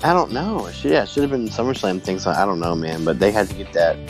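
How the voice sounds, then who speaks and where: A man co-hosts a casual wrestling podcast, speaking quickly in a low voice over music. He's jokey and animated, laughing often as he talks.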